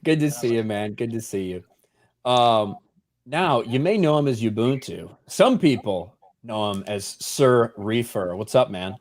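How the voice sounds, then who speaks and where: A man's voice: mid-range voice, lively intonation, unhurried. A man hosting a casual live stream. He swears freely and jokes around as he introduces each guest. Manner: loose, profane, joking introductions. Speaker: host. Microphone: headset.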